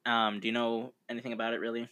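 A man's voice: medium pitch, level tone, quick pace, pushed and bright. A man co-hosting a podcast, chatting casually in a rambling, laid-back way with frequent fillers. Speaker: podcast co-host. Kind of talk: casual chat.

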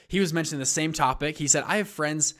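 A young man giving a casual, rambling motivational talk about entrepreneurship, acting out what people say in lively voices. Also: on the high side, fast talker. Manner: rambling, acts out quotes in animated voices. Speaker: entrepreneur sharing advice.

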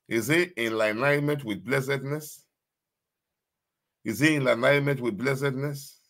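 A man preaches a sermon as a pastor, his medium-pitched voice a bit bright with vocal fry. His style is emphatic and repetitive, with call-and-response questions that keep asking listeners if they understand.

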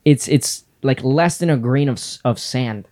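A man's voice: mid-range voice, unhurried, a little mellow. A male podcast host in casual faith talk, speaking earnestly about God in a preachy way.

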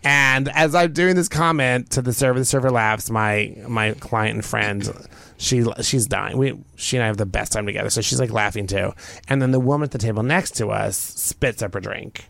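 Gravelly, playful male podcast host. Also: medium pitch, normal speed, a bit bright, no room sound. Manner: playful, self-congratulatory storyteller. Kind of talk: casual chat.

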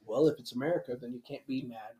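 A man's voice: mid-range voice, fast talker, background noise. A man co-hosting a podcast, teasing his friends in crude, profane banter and laughing often. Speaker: podcast co-host. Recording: echoey room.

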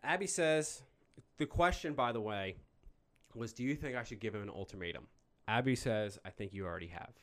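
A man's voice: on the low side, fairly quick. A man co-hosting a casual podcast, joking and wrapping up the show. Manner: animated, jokey, wraps up the show. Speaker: podcast co-host.

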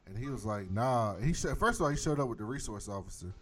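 A man in casual chat, recapping a TV episode with animated, profane storytelling. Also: mid-range voice, racing. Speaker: podcast host recapping a TV episode. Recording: noisy with clicks.

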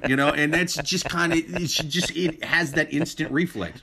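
A man's voice: fairly high pitch, moderate pace, few pauses, sharp tone. Blunt, crude young man chatting. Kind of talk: casual podcast chat.

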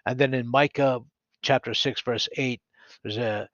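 A man's voice: mid-range voice, a little slow, dry recording. Earnest male podcast Bible teacher. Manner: earnest, animated, self-deprecating, with restarts. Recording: dry, slightly dull recording.

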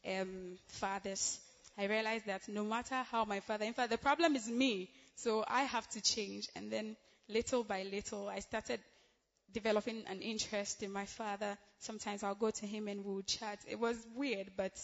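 A woman's voice: medium pitch, steady tone, moderate pace. A young woman, giving a chatty, giggly church testimony full of fillers, in a large church hall. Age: young adult. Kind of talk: emotional spoken testimony. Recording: reverberant hall, dull sound.

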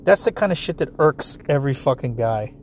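This is a man ranting solo, blunt and foul-mouthed, animated as he speaks straight to his audience. His voice is medium pitch and fairly quick, and there's slight background noise.

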